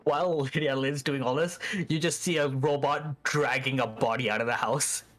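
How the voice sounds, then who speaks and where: A man's voice: medium pitch, steady tone, brisk, fairly bright tone. A man playing a tabletop game, talking casually about his moves and often restarting his sentences. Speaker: player.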